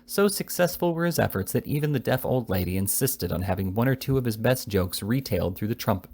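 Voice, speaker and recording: A man's voice: on the low side, expressive, brisk, a little mellow. A man casually reading a classic novel aloud, with frequent small slips and restarts. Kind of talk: casual read-aloud narration.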